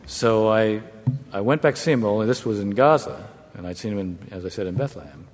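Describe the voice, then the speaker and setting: A man, a former negotiator, telling a wry anecdote to an audience in a measured way. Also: fairly low pitch, animated, a little mellow, slight background noise. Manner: measured, wry storytelling with brief chuckles. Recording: long hall reverb.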